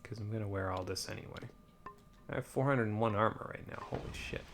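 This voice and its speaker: Guy with a lowish voice muttering through a game, wry and rambly, soft music behind. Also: quick pace. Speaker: let's play streamer. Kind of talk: casual gameplay commentary.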